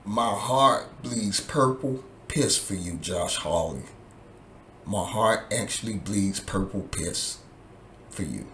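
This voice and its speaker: A man vents in a slow, deliberate drawl, his voice gravelly and full of fry as he swears and repeats his points. The room is echoey, with a faint hum of ambience underneath. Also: on the low side, expressive, pushed and bright. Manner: profane, heated, repetitive. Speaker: vlogger. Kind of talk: angry political rant to camera.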